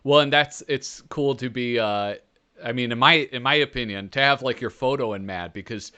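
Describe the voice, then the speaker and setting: A man's voice: medium pitch, moderate pace, sharp tone, smooth. A man hosting a casual interview. He laughs along and chimes in with short agreements and questions. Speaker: interview host.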